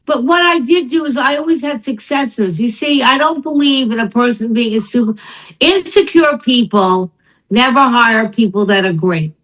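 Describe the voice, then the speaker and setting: An older woman with a voice on the high side speaks at normal speed, sharing her story as a guest in an informal chat. The recording is low quality; her delivery is animated, and she performs the quotes she relays.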